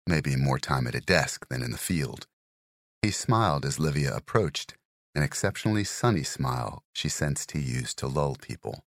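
A man narrating a crime thriller audiobook in a measured, even storytelling manner. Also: rumbling low, no echo, clean studio sound.

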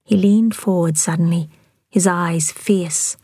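A woman narrates a novel in a soft, steady whisper. Her voice is very breathy and slightly low. The recording is close and dry. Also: unhurried, no echo. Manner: soft, even whispered reading. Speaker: author and audiobook reader.

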